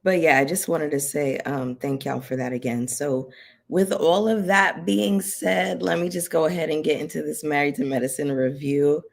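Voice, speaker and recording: A woman's voice: low voice, steady tone, moderate pace, gravelly. Picture a young woman settled in front of her camera, talking to her regular viewers in an easy, rambling way. Her delivery is sincere and heartfelt. She leans on plenty of filler words as she thinks aloud. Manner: chatty and heartfelt, many fillers. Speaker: reality TV commentary YouTuber. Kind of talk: casual direct-to-camera chat.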